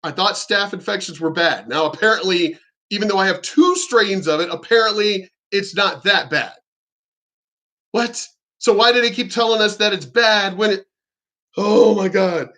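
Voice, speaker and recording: A man holds forth in an indignant vlog rant, his voice pitched high and ringing with a sharp, bright edge. He hammers his points, swears freely, and keeps circling back and restarting his sentences. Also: normal speed. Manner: emphatic, indignant, frequently swearing; repeats himself and restarts sentences. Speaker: vlogger. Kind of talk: ranting monologue to camera.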